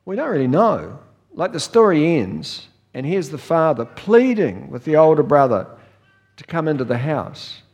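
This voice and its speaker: A man's voice: fairly high pitch, very animated, normal speed, darkish tone, long reverb tail. An older man with a New Zealand accent, preaching a sermon in a folksy storytelling way and chuckling often. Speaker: pastor.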